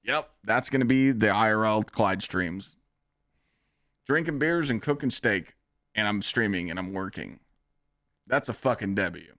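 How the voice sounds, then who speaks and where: A man's voice: on the low side, animated, unhurried, pauses often, fairly bright tone, no room sound, clean studio sound. A young man hosting a casual streamed podcast, talking bluntly and profanely in a boastful, rambling pep talk. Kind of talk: casual livestream podcast chat. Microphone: streaming microphone.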